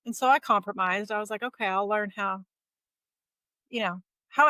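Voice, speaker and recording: Middle-aged woman, interview guest, bright and clear tone, dry close sound, animated storyteller who voices the people she quotes. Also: medium pitch, moderate pace, no room sound, poor audio. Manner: lively retelling that acts out quoted dialogue. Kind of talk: casual conversational storytelling.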